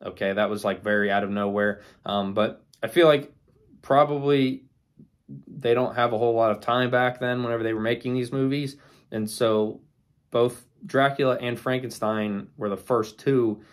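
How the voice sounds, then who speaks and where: A man's voice: medium pitch, fairly even intonation, moderate pace. A young man talking casually about old monster movies, rambling with many ums and likes. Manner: rambling, many fillers and restarts. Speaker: movie reviewer. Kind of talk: casual movie ranking talk.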